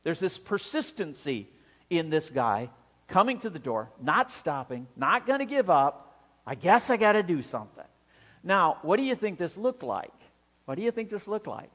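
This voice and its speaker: Male pastor, sermon, animated, swooping lively pitch, high voice. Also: normal speed, long reverb tail. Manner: animated, acts out scenes with voices.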